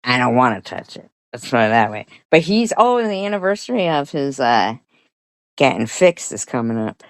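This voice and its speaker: A woman's voice: rumbling low, no room sound. A woman vlogger casually telling a rambling story, swearing and laughing often.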